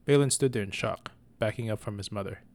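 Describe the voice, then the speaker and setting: A man reading a story aloud as narrator, in a measured, even manner. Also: fairly low pitch.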